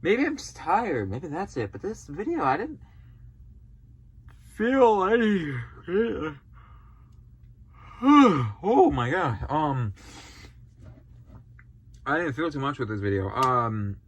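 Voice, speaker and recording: A man's voice: fairly high pitch, sing-song, unhurried, slightly rough. A man hosting a reaction video, sounding tired and yawning, talking hesitantly with sighs and trailing sentences. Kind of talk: casual reaction commentary.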